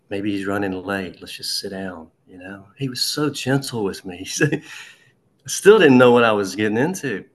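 A man telling a personal recovery story in a halting, conversational way, with frequent restarts and asides. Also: deep voice, fairly bright tone. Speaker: speaker sharing a recovery story. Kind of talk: personal testimony.

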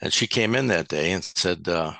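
A man sharing his personal testimony at a support meeting, halting and often restarting his words. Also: deep voice, animated, gravelly, sharp tone, no echo. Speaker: recovery speaker at a support meeting.

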